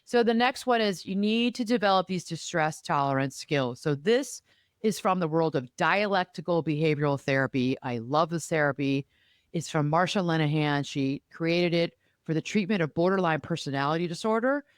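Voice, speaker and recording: A woman who is a therapist and life coach, hosting a podcast in a casual, emphatic and animated way, talking in quick bursts. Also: sits low, no echo, clean studio sound.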